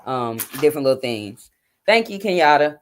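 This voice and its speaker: A woman's voice: deep voice, big pitch swings, moderate pace. A woman in her forties hosting a casual livestream from home at night, chatting informally and talking straight to her viewers. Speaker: livestream host. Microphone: phone or webcam.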